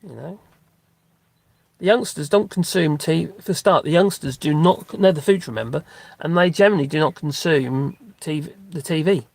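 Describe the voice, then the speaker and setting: A man's voice: fairly high pitch, moderate pace, vocal fry, a little mellow, no echo. A middle-aged man, chatting in a rambling, casual way during a live stream while out walking his dogs, with lots of fillers and restarts. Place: outdoors on a dog walk.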